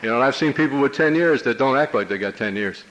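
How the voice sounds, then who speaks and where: A man's voice: medium pitch, lively intonation, fast talker, a bit bright, low-quality recording. A man from New Jersey telling his personal recovery story to a meeting, in a wry, streetwise, conversational manner. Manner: streetwise, wry, conversational with many "you know"s. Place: meeting room before an audience.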